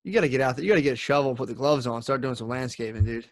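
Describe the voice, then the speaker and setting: A man's voice: medium pitch, very fast, dry recording, studio quality. A young man co-hosting a podcast, chatting in an upbeat, rambling way and saying "dude" often. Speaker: podcast co-host. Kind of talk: casual podcast banter.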